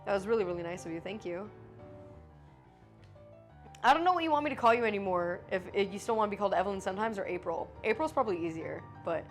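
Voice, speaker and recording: A woman streamer with a medium-pitched voice chats casually with her viewers live, swearing freely and swinging back and forth between joking and apologizing.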